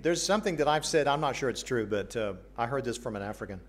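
A man's voice: mid-range voice, animated, fast talker. American man preaching a sermon. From United States. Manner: earnest, asks the congregation questions, light jokes. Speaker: pastor.

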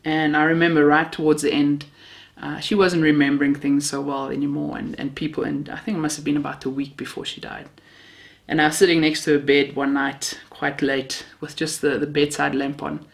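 A woman's voice: low-pitched, little pitch movement, brisk, creaky. A woman from Namibia, preaching a sermon built on personal stories, heartfelt with a self-mocking sense of humor.

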